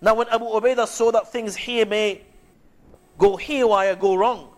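High-voiced male preacher telling history. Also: steady tone. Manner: measured storytelling, frequent Arabic honorifics. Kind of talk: sermon retelling Islamic history.

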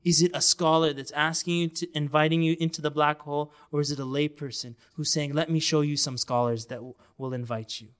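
A man's voice: on the high side, steady tone, a little fast, few pauses, a bit bright. A man giving an earnest, emphatic sermon, with passages of the Quran chanted melodically. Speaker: Islamic preacher.

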